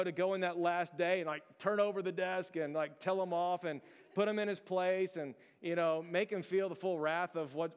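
A male pastor preaches in a fairly high, smooth and resonant voice. His delivery is conversational and earnest, with emphatic storytelling. The sound carries a long reverb, as if from a large church hall. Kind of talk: sermon.

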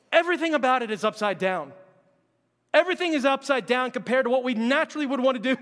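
High-voiced preacher in a reverberant hall. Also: male voice, quick pace. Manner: conversational, animated, acts out quotes. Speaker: pastor. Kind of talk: sermon.

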